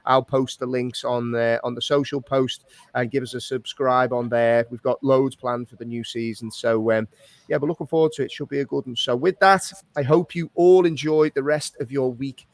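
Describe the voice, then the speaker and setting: A man hosts a laid-back podcast chat, his voice sitting at an ordinary middle pitch. He swears freely and talks in loose restarts. The sound is dry and close, with no room around it. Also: fairly even intonation, moderate pace, no echo. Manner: swears often, laughs along, rambling restarts. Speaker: podcast host. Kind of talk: casual chat with friends.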